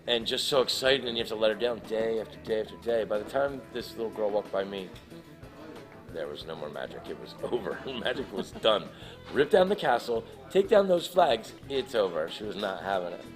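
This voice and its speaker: A man telling an animated, emotional anecdote as a guest in a live interview, acting out the people in his story. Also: on the low side, a little fast, faint music behind. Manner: emotional, laughs while telling. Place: live event in front of an audience.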